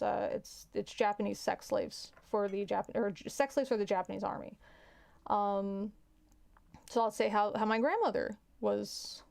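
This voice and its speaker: A woman's voice: mid-range voice, vocal fry, a little mellow, clear, resonant tone. A woman hosting a casual livestream, chatting frankly with viewers and often restarting her sentences. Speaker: livestream host.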